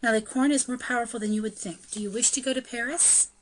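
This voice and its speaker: A woman's voice: fairly high pitch, fairly even intonation, a little hiss or hum, natural voice, low-quality recording. A woman reading the part of a bold young noblewoman who teases and insists in an audiobook. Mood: coaxing. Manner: brisk, teasing, insistent.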